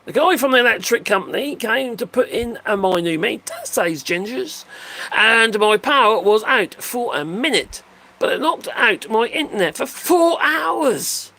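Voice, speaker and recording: A man's voice: extremely high pitch, animated, a little slow, vocal fry, bright, forceful tone. An older man casually chatting on a livestream, rambling and joking as he answers viewer comments. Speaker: livestream host reading chat. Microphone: phone.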